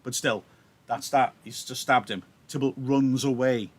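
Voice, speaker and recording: Welsh teacher talking through a play. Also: male voice, medium pitch, steady tone, measured pace, husky. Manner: conversational, checks in with "yeah?". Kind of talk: live reading with analysis.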